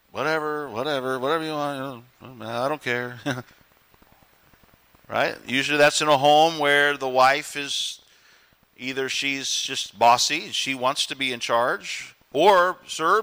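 A man preaching to his congregation with a bright, clear voice that sits a little high for a man. He is earnest and direct, and he acts out quoted lines in funny voices. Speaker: pastor. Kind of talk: sermon.

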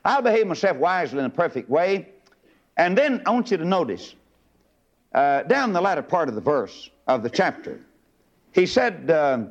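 A man preaching an old-time sermon, dropping to low murmurs and leaping to high shouting bursts. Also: sing-song, normal speed, dull audio.

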